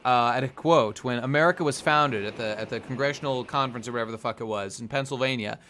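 A man chatting casually as a podcast co-host, rambling along and swearing freely. His voice sits at a middle pitch, with a faint hiss of background noise. He sometimes slips into quick put-on voices for the characters. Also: sharp tone. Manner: rambling, profane, acts out characters' lines. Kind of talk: casual chat.

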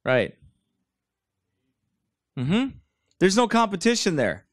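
Preaching from a seat in a church room, this high-voiced man moves slowly while his pitch swings enormously. His sermon is blunt, mocking, and digressive, with put-on voices for quotations, captured in clean studio sound without echo.

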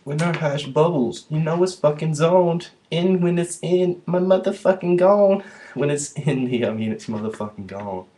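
A man's voice: on the high side, moderate pace, warm tone, slight background noise. A man vlogging in a rambling, profane, slangy way. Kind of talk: rambling casual monologue to camera.

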